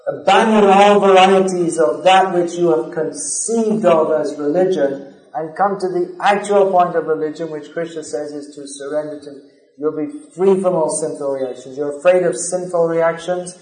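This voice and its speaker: Earnest, higher-voiced man lecturing in an echoey room. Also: fairly even intonation, normal speed, a little mellow. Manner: earnest, builds to emphatic stress; recites verses in a chanting cadence. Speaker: spiritual lecturer. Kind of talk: scripture class lecture.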